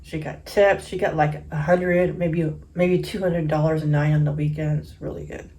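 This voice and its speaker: Woman, 30s, mukbang host. Low-ish voice, casual storytelling, laughs a lot. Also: flat delivery, moderate pace. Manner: chatty, laughs often, acts out quotes loudly. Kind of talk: casual storytelling while eating.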